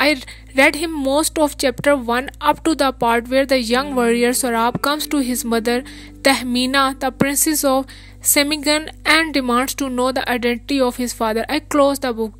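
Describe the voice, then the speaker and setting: A woman reading a novel aloud as audiobook narration, in a measured, steady manner. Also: sits high, dry recording. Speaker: audiobook reader.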